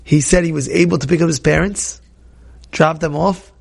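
A young man telling a religious story to a class, excitable, repeating words and acting out the people he quotes. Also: on the high side, moderate pace, vocal fry. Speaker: Torah teacher.

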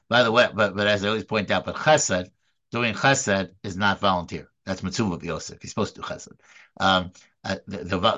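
Halting, earnest man teaching a class. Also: fairly low pitch, sharp tone, highs cut off. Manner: halting, many repeated words and restarts; earnest, emphatic. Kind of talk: informal recorded lecture.

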